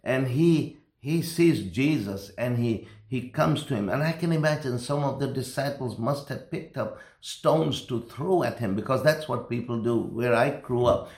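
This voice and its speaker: A pastor telling a personal story in a sermon, earnest and rambling, building in intensity. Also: male voice, mid-range voice, vocal fry, a little mellow, reverberant.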